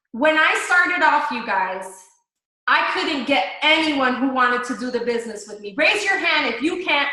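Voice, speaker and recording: A woman's voice: on the high side, sharp tone, very echoey, low-quality recording. A woman in a chatty, upbeat coaching talk on a live video call, speaking straight to her team. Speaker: network marketing coach.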